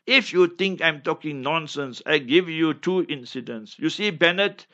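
A man's voice: a little high, moderate pace, pushed and bright, dull audio. A man giving an impassioned, declamatory religious talk, hammering his points with constant reminders. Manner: fiery, declamatory, keeps repeating "remember". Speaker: religious speaker.

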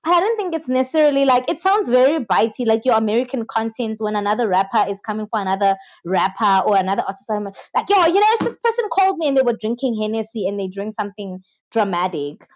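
A woman's voice: on the high side, animated, fast talker, hardly any pauses. A woman co-hosting a podcast, chatting casually and often imitating others. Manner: chatty, laughing, imitates people. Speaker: podcast co-host. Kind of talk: casual chat.

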